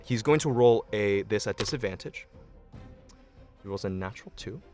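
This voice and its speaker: A man's voice: lowish voice, normal speed, music in the background. A man narrating a tabletop game as game master, descriptive and accommodating, often restarting his sentences.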